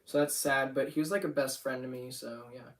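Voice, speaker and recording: A man's voice: mid-range voice, steady tone, a little fast, a bit bright, recorded from a distance. A young man rambling casually about his animation channel on a livestream, often getting sidetracked. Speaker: channel owner.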